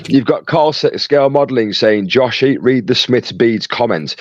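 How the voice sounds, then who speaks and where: Chatty low-voiced man reading chat. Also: no echo, dull audio. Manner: reads out chat messages, jokey and chatty. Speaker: co-host reading live chat. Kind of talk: casual livestream chat.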